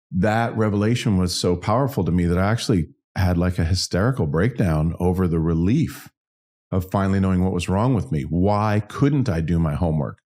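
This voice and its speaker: Man, 50s, very low voice, frank self-deprecating storyteller, interview guest. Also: warm tone. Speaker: interview guest, singer-songwriter and business owner. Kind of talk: candid personal storytelling.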